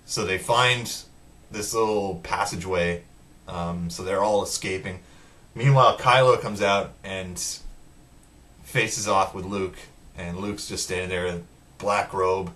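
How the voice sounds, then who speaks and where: A man's voice: on the low side, distant mic. A man retelling a film scene by scene in a casual, profane way, acting out the characters' lines as he goes. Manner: profane, animated retelling with acted-out quotes. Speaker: film reviewer. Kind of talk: casual spoiler recap.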